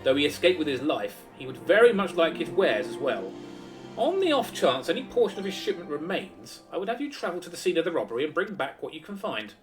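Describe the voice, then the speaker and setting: A man's voice: on the high side, very animated, brisk, distant mic, music in the background. A man voicing a haughty middle-aged male lord in a fantasy game, condescending and bargaining.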